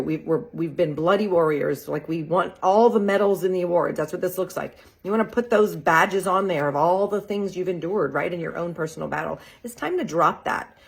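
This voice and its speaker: A woman's voice: low voice, vocal fry, slightly rough. A woman giving a chatty, enthusiastic tarot reading, full of "like" and "right?" and laughing often. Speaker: tarot reader. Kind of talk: casual tarot reading video. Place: real estate group's social video.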